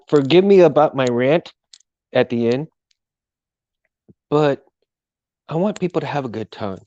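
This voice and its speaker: A man's voice: medium pitch, dull audio. Rambling laid-back man streaming. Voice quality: self-described monotone. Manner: rambling, full of fillers and restarts. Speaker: live stream host. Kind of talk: casual live-stream chat.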